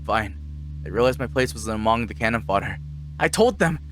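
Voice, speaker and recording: A man's voice: on the low side, lively intonation, normal speed, background noise, lightly acted. A man voicing a soldier father back from the army in a visual novel, firm with a raised voice. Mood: earnest.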